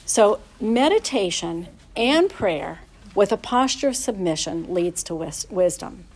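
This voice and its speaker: A woman's voice: medium pitch, very animated, measured pace, a little mellow. A middle-aged woman giving a conversational Bible teaching to other mothers, laughing often and asking her listeners questions.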